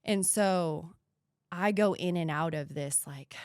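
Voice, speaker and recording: A woman in her thirties from the United States, a podcast guest telling a painful personal story in an earnest voice that sometimes drops to a hushed whisper. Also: fairly low pitch, slow, no echo, clean studio sound.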